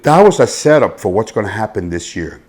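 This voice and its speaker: A man from Miami with a husky voice and a Miami accent, telling stories bluntly in a casual interview, swinging between loud and hushed. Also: on the low side, big pitch swings, a little fast. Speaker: interview guest, youth football coach. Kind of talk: casual storytelling conversation.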